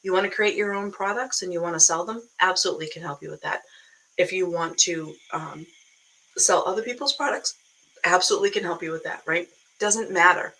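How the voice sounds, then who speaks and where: Bright, blunt Boston woman coaching. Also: on the low side, poor audio. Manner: blunt, animated, keeps asking "right?". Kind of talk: casual motivational talk to camera.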